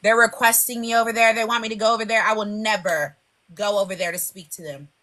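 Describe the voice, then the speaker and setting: Woman host w a bright sharp voice, blunt and heated, cusses a lot. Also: medium pitch, steady tone, fast. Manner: blunt, heated, swears freely. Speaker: panel host. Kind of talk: casual chat on a live panel.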